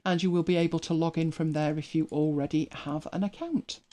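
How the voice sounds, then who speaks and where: A woman's voice: low-pitched, steady tone, fairly quick, dark tone. A British woman hosting a live show in casual chat, telling rambling stories with frequent restarts and self-corrections. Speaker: host.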